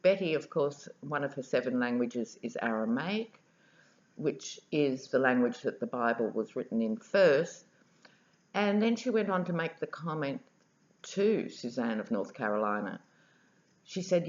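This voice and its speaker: A woman's voice: extremely low pitch, animated, unhurried, a little mellow, echoey room. A woman, a tarot reader, chatting wryly in a casual vlog. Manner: wry and chatty. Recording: dull lo-fi audio.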